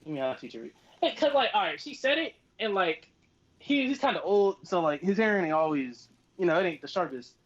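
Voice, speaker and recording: A man's voice: high-pitched, lively intonation, brisk, fairly bright tone. A young man co-hosting a casual podcast, telling loose, profane stories and acting out what people said. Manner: loose, profane storytelling with acted-out quotes. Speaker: podcast co-host. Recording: dull lo-fi podcast audio.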